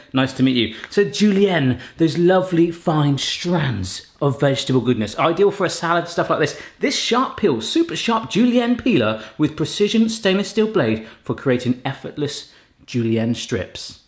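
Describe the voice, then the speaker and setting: Excitable man in an echoey kitchen. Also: medium pitch. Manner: excitable, exclaims often. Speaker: gadget-testing host. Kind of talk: casual chat. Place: home kitchen.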